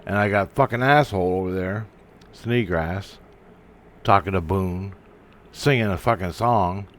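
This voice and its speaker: A vlogger with a low-pitched voice tells a personal spiritual story in a casual monologue, swearing and often stopping to restart his sentences. A little hiss or hum sits under the recording.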